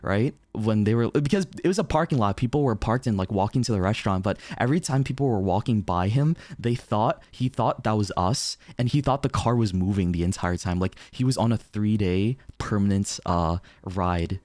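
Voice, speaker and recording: A young man streaming, telling a story in casual chat, animated, laughing often and swearing casually. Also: fairly low pitch, normal speed, hardly any pauses, no echo.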